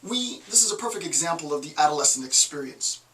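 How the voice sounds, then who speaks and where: A middle-aged man lecturing in a fairly high, bright voice, wandering into jokey tangents. He sits some distance from the mic. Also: quick pace, a little hiss or hum. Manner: digressive, joking asides. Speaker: college lecturer. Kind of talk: recorded online lecture.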